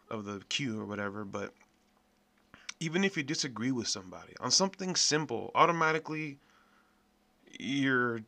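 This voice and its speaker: A man hosting a podcast, delivering a profane, blunt, animated rant in a casual monologue. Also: mid-range voice, normal speed, creaky, long pauses. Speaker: podcast host.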